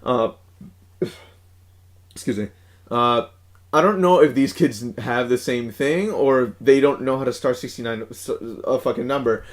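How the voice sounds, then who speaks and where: A young man co-hosting a podcast, telling a story in casual chat. He rambles through halting restarts, swears freely and laughs often. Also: medium pitch. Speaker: podcast co-host.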